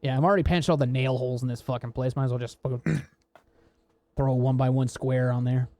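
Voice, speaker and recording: An American podcast co-host with a medium-pitched, dark, steady voice talks a little fast. In a casual chat with no echo, he tells rambling work stories, laughing and swearing throughout.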